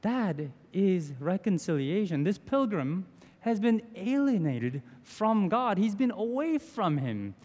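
This pastor, a man in his thirties, has a high-pitched, slightly mellow voice and is very animated yet slow-paced. He preaches earnestly and conversationally in a church sanctuary with small restarts, all under long reverb.

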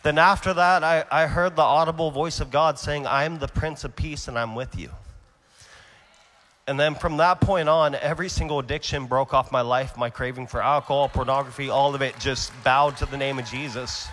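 A young adult man preaching his testimony at a conference, earnest and animated, swinging between loud and hushed delivery. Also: mid-range voice, moderate pace. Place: large conference hall. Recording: long hall reverb.

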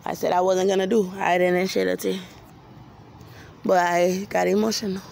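Woman narrator with a gravelly, fry-heavy voice and flat intonation; rambling monologue, faint noise behind. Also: fairly low pitch, normal speed. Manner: rambling, repeats herself, many restarts. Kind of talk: personal storytelling monologue.

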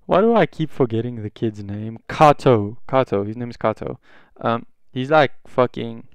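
A young man retells a fan story off the cuff, swearing freely and jumping into the characters' lines. His voice is smooth and clear at a middling pitch. The sound is dry and close to the mic. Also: no room sound, muffled recording. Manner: rambling and profane, acts out dialogue in quick bits.

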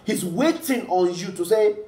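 A man's voice: high-pitched, unhurried, warm tone, roomy sound. A man preaching a sermon, earnest and repeating key phrases for emphasis.

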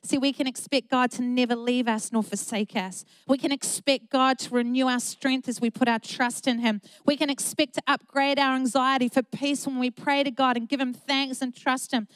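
A woman's voice: high-pitched, steady tone, moderate pace, few pauses, a bit bright, clean tone, no echo. A middle-aged woman pastor, preaching an earnest, emphatic sermon with repeated phrases.

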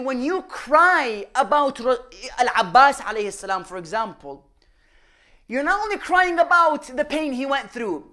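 This extremely high-pitched man lectures on religion in a mosque or Islamic center hall. Rhetorical questions pour out at the audience as he alternates between forceful emphasis and quiet asides.

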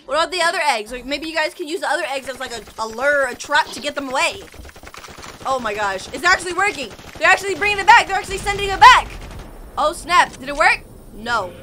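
A woman giving excitable, chatty reaction commentary while watching an animation. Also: high-pitched, fast talker, a little hiss or hum. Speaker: reaction video host.

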